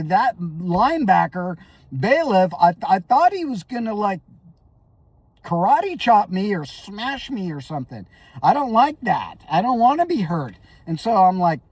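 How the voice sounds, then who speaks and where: Man, slightly high voice, rambling comic storytelling, stammers, heard from a little off mic. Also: a little mellow, dry recording, recorded from a distance. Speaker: comedic storyteller. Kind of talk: comedic character monologue.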